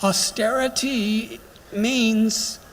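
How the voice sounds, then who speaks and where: Slow-speaking man lecturing in a reverberant hall. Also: high voice, steady tone, a bit bright. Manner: slow, reflective storytelling with emphatic pauses. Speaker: spiritual lecturer. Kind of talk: devotional lecture. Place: temple hall during a pilgrimage. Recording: long hall reverb, faint background noise.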